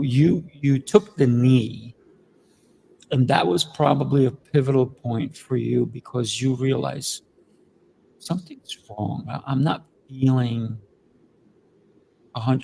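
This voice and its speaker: Male host, rough-edged gravelly tone, thoughtful, winding questions. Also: mid-range voice, a little mellow, a little hiss or hum, rough recording. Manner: thoughtful, asks long rambling questions. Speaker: podcast host. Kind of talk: conversational interview.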